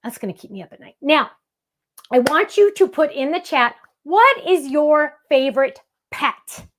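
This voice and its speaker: A woman with a high voice hosts a live-streamed craft demonstration. She keeps up a chatty, playful patter with her viewers in the chat while she works at her table. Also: animated, unhurried, slight background noise. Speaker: crafting show host.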